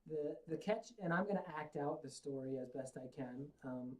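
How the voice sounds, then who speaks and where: A woman's voice: low voice, moderate pace, darkish tone, low-quality recording. A middle-aged woman hosting a podcast in casual chat, rambling and poking fun at herself. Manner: rambling and self-mocking. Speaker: podcast host.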